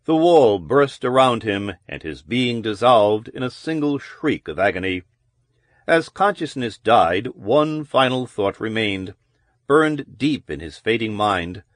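A man giving measured, descriptive audiobook narration of a novel. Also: on the low side, big pitch swings, no room sound, studio quality.

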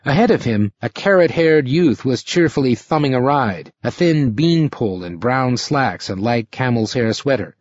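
A male narrator reads an audiobook with a lively, rising-and-falling delivery and a slightly husky voice. The sound is dry and close, a little muffled at the top. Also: mid-range voice, normal speed, few pauses, dry recording. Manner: expressive, dramatic reading.

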